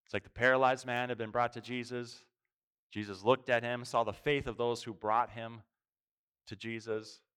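A man's voice: mid-range voice, level tone, normal speed, a bit bright, clear, resonant tone. A man preaching a sermon, reflective, asking rhetorical questions and stressing single words. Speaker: pastor.

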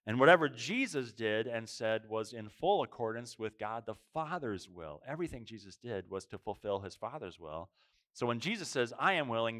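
A man's voice: mid-range voice, a bit bright. A man preaching a sermon, reflective, asking rhetorical questions and stressing single words. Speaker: pastor.

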